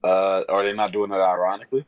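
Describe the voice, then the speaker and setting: A man's voice: low-pitched, quick pace, dry recording, muffled recording. A man co-hosting a casual chat, guessing movie quotes, exclaiming and cursing in disbelief. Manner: animated, exclaims and curses in disbelief. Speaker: podcast co-host.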